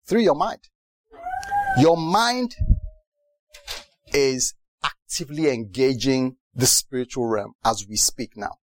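Brit guy preaching, voice jumps all over, a bit high, close dry mic. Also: dry recording. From Britain. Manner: lively, mimics other preachers, asks the audience questions. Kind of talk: sermon.

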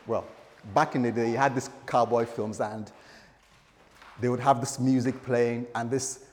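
A man's voice: medium pitch, darkish tone. A middle-aged man preaching a sermon, telling a story dramatically with humorous asides to the congregation. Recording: echoey hall.

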